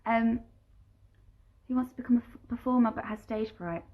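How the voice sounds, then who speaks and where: A woman's voice: a little high, moderate pace, phone-quality sound. A woman and musical theatre performer chatting casually at home, reading fan questions aloud and answering them with giggles. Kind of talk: casual live-stream Q&A chat. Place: at home during isolation.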